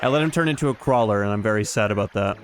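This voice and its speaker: A man's voice: on the low side, rapid-fire, background noise. Joking man streaming a game. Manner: joking, rambling, sarcastic asides. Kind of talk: casual let's-play commentary.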